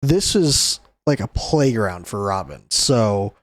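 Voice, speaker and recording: A man's voice: fairly low pitch, animated, takes it slowly, dry recording. A young adult man hosting a casual comic chapter recap, talking loosely and chuckling often. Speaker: host.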